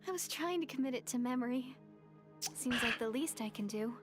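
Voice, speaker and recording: A woman voicing a shy, grateful young woman in a game, speaking softly and hesitantly. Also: sits high, animated, fairly quick, faint music behind. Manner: soft, hesitant. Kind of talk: game voice acting.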